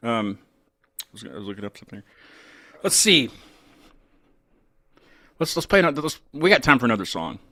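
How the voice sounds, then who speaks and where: Bright-voiced chatty male host. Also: medium pitch, sing-song, a little fast, long pauses, dry recording. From West Virginia. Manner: chatty, laughs often. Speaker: show host. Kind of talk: casual live-show chat.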